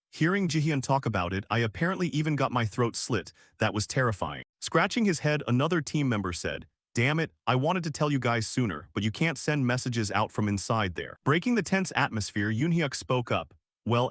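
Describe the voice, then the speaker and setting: A man's voice: mid-range voice, fairly bright tone, dry recording, studio quality. A man narrating a comic story recap in a scripted read, voicing every character's lines himself.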